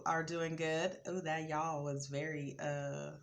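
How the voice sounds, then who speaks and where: A woman hosting her own channel, talking casually to camera with many ums and a building excitement. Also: low voice, slow pace, creaky, slight background noise. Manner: relaxed, lots of ums, rising excitement. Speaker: vlogger host.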